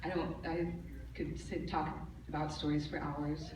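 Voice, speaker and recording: A young woman with a lowish voice gives a soft, hesitant tribute at a church open mic. She sounds far from the mic, and the hall echoes heavily over a noisy background. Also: little pitch movement, unhurried. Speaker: daughter giving a tribute. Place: large church hall, live event.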